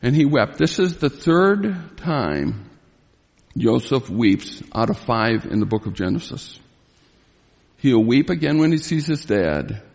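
A man's voice: big pitch swings, slow pace, creaky, darkish tone, husky. Man preaching in an echoing hall. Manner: emphatic, bursts of raised pitch when retelling scenes. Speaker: Bible teacher. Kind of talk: expository sermon. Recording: long reverb of a large hall.

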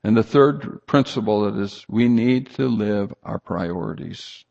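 A man's voice: on the low side, a little slow, vocal fry, darkish tone, muffled recording. A man preaching a sermon, emphatic and rhetorical, reading scripture aloud and asking the congregation questions. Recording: long hall reverb.

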